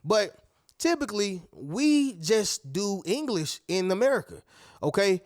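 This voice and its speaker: A man with a sing-song, slightly slow delivery hosts a motivational video, recorded in clean studio sound without room noise. He preaches emphatically to viewers he calls "y'all" and "family," acting out other people's words in a higher voice.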